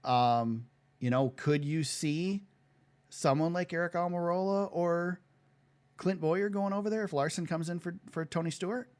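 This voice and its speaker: A man hosting a podcast, reading out news items and tossing questions to his co-host in a relaxed, casual way. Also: on the high side, moderate pace. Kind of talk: casual sports chat.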